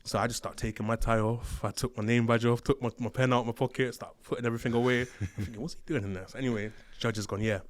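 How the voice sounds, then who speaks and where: A man telling stories from his days as a prison officer, slangy and animated, acting out the voices of the people he describes. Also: medium pitch, fast, few pauses, slight background noise. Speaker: interview guest, former prison officer. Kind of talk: casual storytelling. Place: studio.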